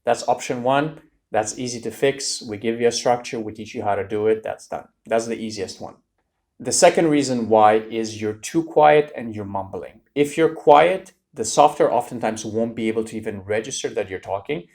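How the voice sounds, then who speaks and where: A man's voice: mid-range voice, moderate pace. A man coaching students for a speaking exam, talking directly and energetically to viewers. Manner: direct, energetic, addresses viewers as "you guys". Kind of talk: tutorial lesson to camera.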